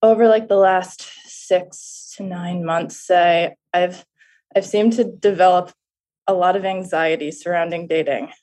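A woman's voice: lowish voice, fairly even intonation, a little slow, darkish tone. A woman in her twenties calling in to a podcast, explaining her dating situation hesitantly with lots of fillers. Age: 20s. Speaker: caller. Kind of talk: casual phone-in chat.

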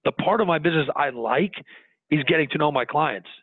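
A man, a business owner, talking earnestly in an interview, animated and restarting his sentences as he goes. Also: fairly high pitch, a little fast, husky, dry recording. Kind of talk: conversational interview. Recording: tinny phone-line audio, dry.

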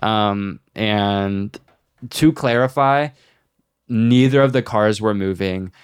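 Young guy podcast cohost, kinda low smooth voice, dry close sound, swears a ton. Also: takes it slowly, dry recording. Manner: swears a lot, animated storytelling. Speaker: podcast co-host. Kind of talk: casual chat.

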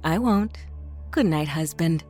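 A woman playing a gleeful, sadistic wife in a horror audio drama, with a sweet, eager, unhurried delivery. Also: deep voice, expressive, darkish tone, soft background music. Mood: sweetly wicked.

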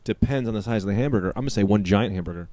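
Male podcast host with a mellow voice and a dry, deadpan way of reading questions. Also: fairly low pitch, racing. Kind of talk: casual podcast banter.

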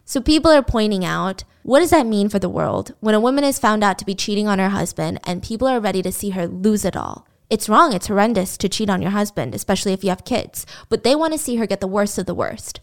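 A woman hosting a podcast, telling a story in a casual, animated and indignant way. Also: mid-range voice, quick pace, gravelly, few pauses. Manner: animated, indignant, acts out quotes. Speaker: podcast host.

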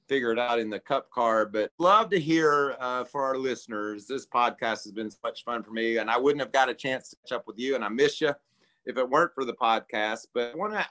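In a casual interview chat, a male podcast host asks questions in a friendly, chatty way. His voice is mid-range with a fairly bright tone, and the recording is rough.

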